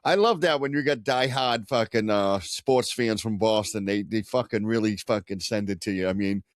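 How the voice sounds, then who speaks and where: A man's voice: fairly low pitch, normal speed, no echo, studio quality. A man co-hosting a casual sports podcast, opinionated and swearing, with hype-man asides. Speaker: podcast co-host.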